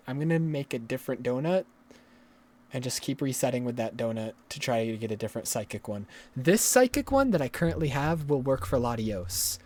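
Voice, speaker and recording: A man's voice: mid-range voice, darkish tone. Profane, exasperated male game streamer. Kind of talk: live gameplay commentary.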